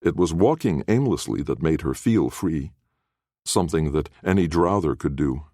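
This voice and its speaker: A man narrates a fantasy audiobook with expressive, storytelling delivery. His voice sits very low yet moves with lively pitch swings. The recording is dry, with no room sound. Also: moderate pace, dry recording. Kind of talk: scripted narration.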